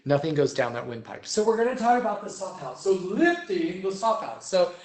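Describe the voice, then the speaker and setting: Singing examples as he goes, this young man teaches a choir vocal technique step by step, regularly checking in with "right?". He speaks fairly quickly in a high voice that swings widely in pitch. There's a roomy echo on the audio.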